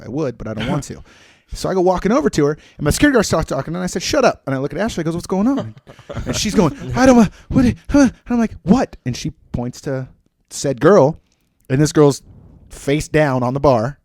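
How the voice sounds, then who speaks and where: A man with an ordinary mid-range voice rattles through a bar story at high speed, slipping into the voices of the people in it. The sound is dry and close, with no room around it. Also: no room sound. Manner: fast animated storyteller, acts out quotes, crude jokes. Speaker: podcast co-host, bar security lead. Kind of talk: casual storytelling chat.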